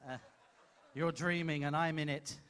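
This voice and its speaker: A man's voice: fairly high pitch, fairly even intonation, moderate pace, a bit bright, smooth. A man hosting a live comedy show, coaching a volunteer from the audience with playful, teasing patter on a cruise ship stage.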